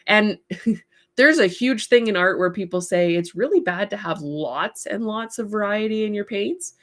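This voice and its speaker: A woman's voice: medium pitch, expressive, unhurried. A woman hosting a craft livestream, chatting casually, reading viewer comments aloud and giving encouraging advice with frequent laughs. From part English heritage. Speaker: livestream host, artist.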